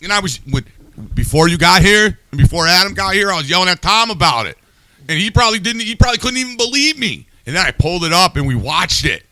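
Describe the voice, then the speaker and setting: A man's voice: high-pitched, very animated, quick pace, sharp tone, no echo. A man hosting a podcast, ranting in a heated, profane, casual way. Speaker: podcast host.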